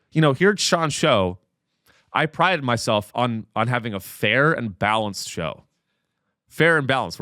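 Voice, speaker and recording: A man's voice: on the high side, a bit bright, no echo, studio quality. A man hosting a podcast in a casual comedic rant, profane and rambling. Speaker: podcast host.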